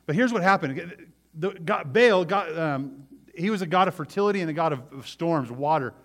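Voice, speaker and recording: Animated male preacher retelling a story. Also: on the high side, moderate pace. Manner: animated storytelling, acts out quoted voices. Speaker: pastor. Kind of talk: sermon.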